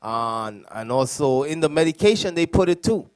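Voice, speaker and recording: A man speaking as a deacon on a preaching panel, animated and storytelling, with laughs and voice impressions. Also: a little high, moderate pace, clean tone.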